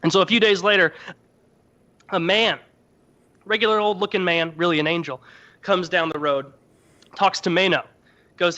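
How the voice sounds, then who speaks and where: A man's voice: a little high, fairly even intonation, normal speed, pauses often, sharp tone, dull audio. A man hosting a podcast, retelling an old story as crude comedy and acting out its characters in mocking voices. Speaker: podcast host.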